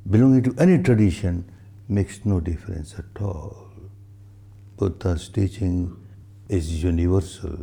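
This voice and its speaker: Older male meditation teacher, dark gravelly voice, slow emphatic dharma talk with repeated phrases. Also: fairly low pitch. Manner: chants Pali verses.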